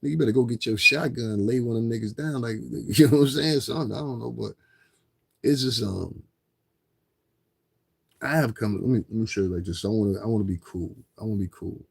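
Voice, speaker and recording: Medium in pitch, creaky and husky, this man talks briskly. He's a livestreamer ranting casually and profanely to his audience, rambling and repeating himself as he asks for donations.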